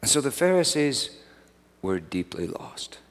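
A man preaching a sermon as pastor, swinging from hushed asides to loud emphatic peaks. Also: mid-range voice, very animated, unhurried. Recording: long hall reverb.

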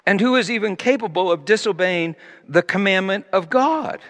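Male preacher, high and lively, shifting from booming emphasis to hushed asides, heard with long reverb in a big hall. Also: moderate pace. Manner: animated, swinging from loud emphasis to quiet asides. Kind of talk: sermon with Bible teaching.

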